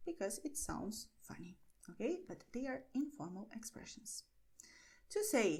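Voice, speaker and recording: A woman's voice: a little high, lively intonation, measured pace, mellow. Patient Spanish-speaking woman teacher. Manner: explains patiently, ends phrases with a checking "okay?". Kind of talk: language lesson.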